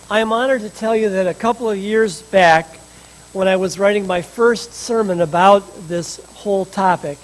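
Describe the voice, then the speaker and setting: A man's voice: sits high, rough recording. A male minister delivering a sermon, emphatic with humorous asides, in a church sanctuary.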